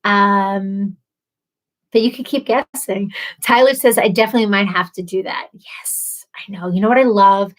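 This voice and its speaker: A woman's voice: mid-range voice, normal speed. A woman in her thirties hosting a casual livestream, chatty and bubbly, laughing often as she reads comments. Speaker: livestream host.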